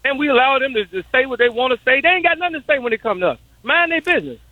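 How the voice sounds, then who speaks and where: A man's voice: very high-pitched, animated, racing, no echo. A man calling into a radio talk show, insistent and stubborn, repeating himself to make his point. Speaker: caller. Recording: phone line.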